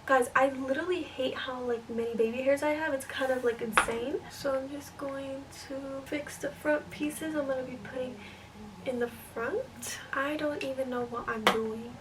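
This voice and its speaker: A young woman talking casually as she styles her hair in a vlog, chatty and self-doubting, often thinking aloud and sometimes dropping to a soft whisper. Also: high voice, normal speed. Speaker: vlogger. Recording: distant mic, clear room noise.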